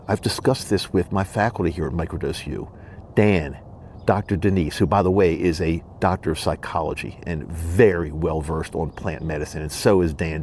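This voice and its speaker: A low-voiced man talks alone into his podcast microphone, earnest and emphatic, coming back to his points again and again. A faint hiss of noise sits under his voice. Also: a little mellow. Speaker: podcast host. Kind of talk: solo monologue. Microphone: studio microphone and camera.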